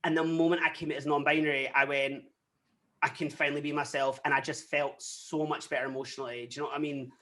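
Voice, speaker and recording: A young adult guest with a Scottish accent, telling personal stories candidly in a casual interview, often quoting themselves and others. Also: male voice, a little high, fast. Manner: candid, animated storytelling with frequent quoted asides.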